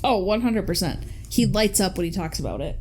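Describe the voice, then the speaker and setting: A woman's voice: mid-range voice, brisk. A woman with a Midwestern American accent, co-hosting a casual podcast chat, blunt and joking. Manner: lively storyteller, blunt and joking. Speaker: podcast co-host.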